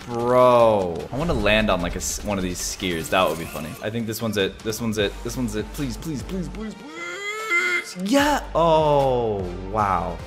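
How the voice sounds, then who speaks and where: A young man hosting a gaming video, giving excited play-by-play commentary that jumps into shrieks and yells. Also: fairly low pitch, normal speed, hardly any pauses, over music.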